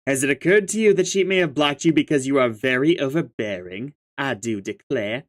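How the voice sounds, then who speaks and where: A man's voice: on the high side, animated, a little fast, natural voice. A man reading aloud as a proper, dry-witted young troll who acts as a reluctant go-between, and who sometimes stumbles over the words. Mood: sardonic. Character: prim sardonic young troll, reluctant mediator.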